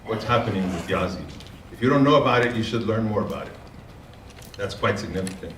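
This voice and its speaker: A man speaking at a conference, telling a story and using fillers and repeated words in a relaxed way. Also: on the low side, a little fast, slight background noise. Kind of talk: keynote talk with storytelling. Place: large conference room. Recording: echoey room, speaker far from mic.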